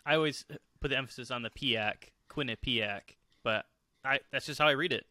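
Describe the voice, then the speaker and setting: A man co-hosting a casual sports podcast, explaining things in a relaxed way with frequent filler pauses. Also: medium pitch, no echo, clean studio sound. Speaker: podcast co-host.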